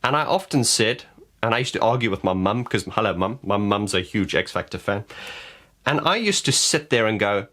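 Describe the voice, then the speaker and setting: A man talking straight to camera in a casual opinion vlog. His voice sits a little low, and he speaks bluntly, often stumbling and repeating words as he goes. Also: animated, normal speed, bright, forceful tone. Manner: frank, blunt, stammering restarts. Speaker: vlogger and vocal coach.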